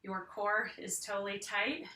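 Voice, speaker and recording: A woman's voice: mid-range voice, a little slow, pushed and bright, roomy sound, far from the mic. A woman fitness instructor leading a home arm workout, counting reps and cueing each move while she exercises along.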